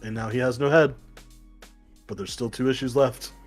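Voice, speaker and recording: A man co-hosting a casual podcast, talking through a comic book review in a rambling, excited way and swearing casually. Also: mid-range voice, moderate pace, faint music behind. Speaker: podcast co-host.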